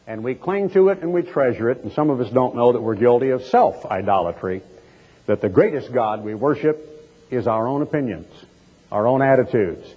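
A male preacher telling a scripture story in a sermon, dramatic, with big swings in pitch and pace. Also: lively intonation, normal speed, breathy edge. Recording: dull lo-fi, long hall echo.

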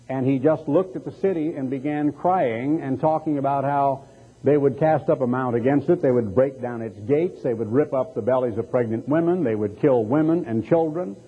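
Husky-voiced preacher on a tinny recording. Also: male voice, mid-range voice. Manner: emphatic preaching, drawn-out quoted scripture. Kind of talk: sermon. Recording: tinny, phone-like narrow sound.

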